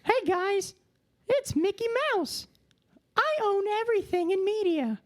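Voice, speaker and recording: A shrill, sky-high cartoon mouse, gleeful and crude. His voice bounces wildly up and down. He is a money-hungry cartoon mascot who cusses at everyone. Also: expressive, measured pace. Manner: squeaky falsetto, gleeful and crude. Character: greedy, foul-mouthed cartoon mouse, male. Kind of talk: comic impression on a podcast.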